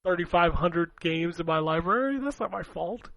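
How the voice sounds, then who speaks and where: A man's voice: fairly high pitch, lively intonation, normal speed, creaky, fairly bright tone, no room sound, low-quality recording. A man co-hosting a gaming podcast, rambling and laughing as he swears his way through casual chat. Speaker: podcast co-host.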